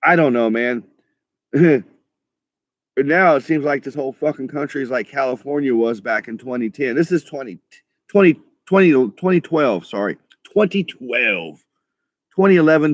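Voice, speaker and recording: A man's voice: mid-range voice, dry recording, clean studio sound. A middle-aged man rambling in a casual monologue, swearing freely and often stopping to restart his sentences. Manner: profane, halting, restarts often. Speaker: vlogger.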